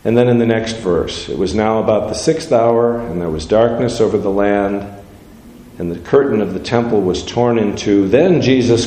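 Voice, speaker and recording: A man's voice: mid-range voice, a little mellow, a little hiss or hum. A man preaching a sermon, reading scripture aloud and giving the verses changing emphasis. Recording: roomy hall with long reverb.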